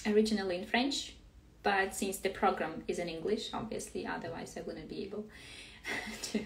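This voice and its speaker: A young woman, a native Russian speaker, chatting casually on a live stream, hesitant, with many fillers and frequent laughs. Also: mid-range voice. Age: young adult. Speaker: master's student. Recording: roomy room, mic at a distance.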